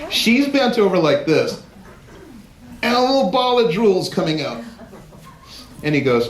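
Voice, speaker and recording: A man giving a live platform presentation, telling lively anecdotes and acting out other people's lines for an audience. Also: fairly high pitch, normal speed, long pauses. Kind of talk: storytelling talk to a live audience. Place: large event hall. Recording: roomy hall with faint noise.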